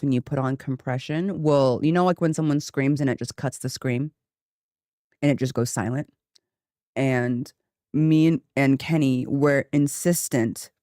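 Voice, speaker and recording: A woman streamer chatting casually from her home office into a studio mic, a little tired and mellow, often breaking into laughter. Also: deep voice, no echo. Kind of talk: casual chat on a gaming stream. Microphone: new studio microphone.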